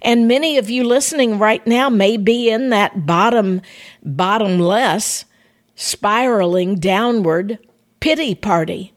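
A woman's voice: mid-range voice, takes it slowly. An older woman gives an earnest devotional talk. She speaks straight to her listeners in a conversational way, as if sharing her own story. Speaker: ministry podcast host.

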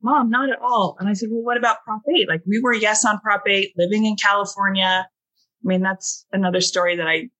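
A woman's voice: mid-range voice, fairly even intonation, a little fast, pushed and bright, low-quality recording. A woman in her forties, a podcast guest, telling a heartfelt family story with lots of fillers and quoted dialogue. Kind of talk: emotional storytelling in a podcast chat.

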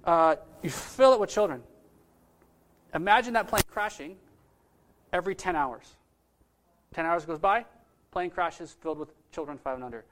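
A man, a pastor, telling a story in a sermon with lively, casual delivery that swings between loud bursts and hushed moments. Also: a little high, normal speed, long pauses.

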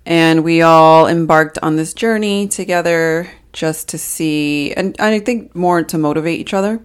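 A woman's voice: low voice, a little slow, smooth. A woman, co-hosting a podcast in a rambling, casual way with frequent laughs. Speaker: podcast co-host. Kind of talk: casual chat.

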